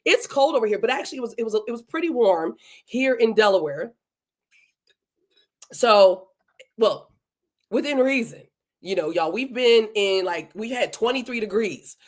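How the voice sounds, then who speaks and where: Lady hosting a live podcast, kinda high voice, gushing hellos to everyone in chat. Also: animated, moderate pace, long pauses. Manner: warm, effusive, repetitive greetings. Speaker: podcast host. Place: home in Delaware.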